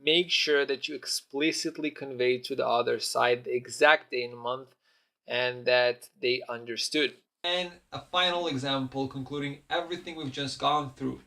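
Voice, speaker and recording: A man's voice: mid-range voice, moderate pace, vocal fry, pushed and bright. A man whose first language is Hebrew, teaching a recorded language lesson and going through words one by one in a patient, methodical way, with the odd "uh" filler. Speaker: Hebrew instructor.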